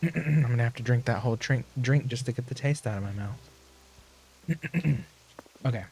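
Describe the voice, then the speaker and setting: A young man streaming a game, chatting casually and rambling to himself, his voice a little hoarse and often clearing his throat. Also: medium pitch, expressive, measured pace, a little mellow. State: slightly hoarse. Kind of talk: casual gameplay chat.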